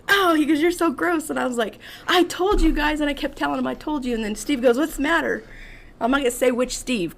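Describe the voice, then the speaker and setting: A woman in her fifties, a podcast guest telling a funny story and acting out other people's lines. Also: high-pitched. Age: 50s. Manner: animated storyteller, acts out others' lines, laughs often. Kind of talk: casual storytelling.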